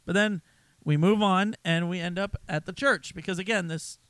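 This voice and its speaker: A man's voice: sits high, normal speed, a bit bright, smooth, no echo. A man co-hosting a casual movie review chat, sarcastic and exasperated as he retells scenes. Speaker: podcast co-host.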